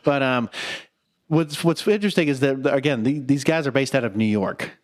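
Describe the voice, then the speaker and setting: A man's voice: mid-range voice, normal speed. Man, podcast host, casual chat, rambling, full of "like" and "you know", swears casually, mid-range voice.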